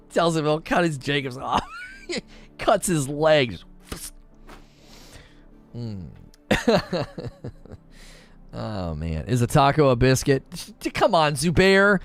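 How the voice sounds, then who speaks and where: A man's voice: a little high, big pitch swings, takes it slowly, long pauses, faint music behind. A man chatting casually on a live stream, joking, laughing often and slipping into mock British voices.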